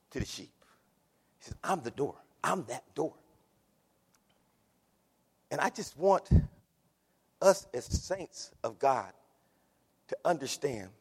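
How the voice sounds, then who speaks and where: A man preaching a sermon in a church, building from measured teaching to impassioned shouts. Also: medium pitch, husky. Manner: Southern preacher cadence, rising to shouts. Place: church sanctuary. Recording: long hall reverb.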